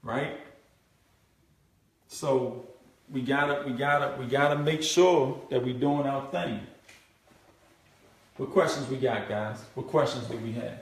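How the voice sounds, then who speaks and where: Animated male trainer in a very echoey room. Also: medium pitch, slow, long pauses, a little hiss or hum. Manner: animated, acts out prospects' thoughts; repetitive, asks "right?" often. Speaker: network marketing trainer. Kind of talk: live group coaching session. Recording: very echoey room, mic far off.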